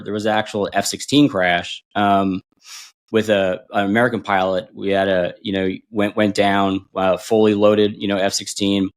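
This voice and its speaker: A man in his forties, a podcast guest and former bomb disposal instructor, telling stories in a casual, animated way and acting out quotes. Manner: animated, acts out quotes with big pitch jumps and laughs. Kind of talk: casual storytelling.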